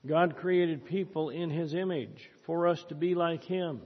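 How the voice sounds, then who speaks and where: A man's voice: a little high, unhurried. A man preaching a sermon that ends in prayer, with an earnest, exhorting manner. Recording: dull recording in a reverberant hall.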